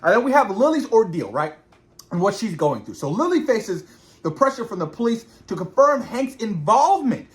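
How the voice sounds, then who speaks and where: An animated man recaps a horror episode with slang and words repeated for emphasis. His pitch swings widely while he talks. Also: normal speed. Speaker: show reviewer. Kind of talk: reaction recap.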